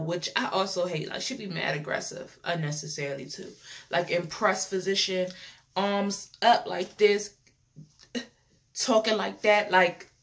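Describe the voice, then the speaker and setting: A woman's voice: mid-range voice, a bit bright. A young woman reviews a reality show in casual, opinionated chat, repeating phrases and laughing often.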